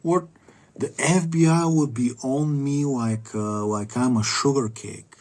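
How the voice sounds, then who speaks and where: Brief: a man, casual vlog rant, rambling and full of fillers, medium pitch. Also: steady tone, a little slow, a little mellow. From Bulgaria. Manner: rambling with many fillers and restarts. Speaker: vlogger.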